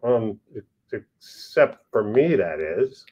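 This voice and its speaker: A man voicing a gentle, friendly, slightly shy male tick bird in a picture-book read-aloud. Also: lowish voice, very animated, slow pace, husky, full character voice.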